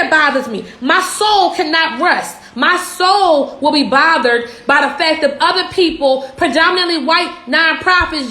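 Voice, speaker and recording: A social media business coach, young and based in Philadelphia, unleashes a profane, fired-up rant on a livestream, peppered with rhetorical questions. Her extremely high voice is bright and forceful against an echoey room.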